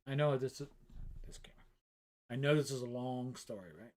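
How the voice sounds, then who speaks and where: A man's voice: medium pitch, fairly quick, a little mellow. A middle-aged man, a painter, chatting casually on a live stream from his art studio, rambling and self-mocking and swearing freely.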